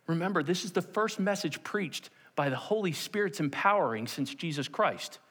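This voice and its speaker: Guy preaching in a church, bit higher voice, lively storytelling, acts out the people he quotes, big echoey hall. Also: moderate pace, slightly rough. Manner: animated, acts out quoted voices, repeats "okay?". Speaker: pastor. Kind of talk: sermon with storytelling. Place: church sanctuary. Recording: long hall reverb.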